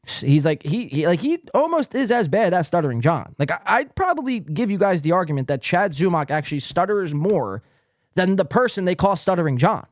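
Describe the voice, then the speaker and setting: A man's voice: sits high, sing-song, fairly quick, no echo, studio quality. A man hosting a podcast, giving sarcastic, laughing commentary on clips he plays. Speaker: podcast host. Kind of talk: mocking commentary over played clips.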